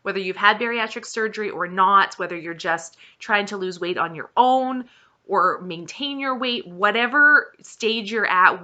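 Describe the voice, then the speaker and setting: Earnest, slow-speaking woman. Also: medium pitch, pushed and bright. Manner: earnest and encouraging, stressing points by repeating them. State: emotional, close to tears. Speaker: vlogger sharing her weight-loss journey. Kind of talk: heartfelt personal talk to camera.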